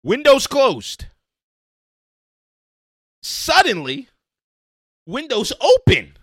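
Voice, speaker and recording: A man chatting about a movie in a casual comedy talk, telling the story with animated, exclamatory, profane energy. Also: very high-pitched, drawn-out words, husky, dry recording, studio quality.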